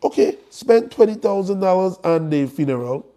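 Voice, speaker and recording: Male host, warm and higher-pitched, blunt and joking on a live stream. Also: lively intonation, normal speed. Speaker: host promoting an estate planning conference.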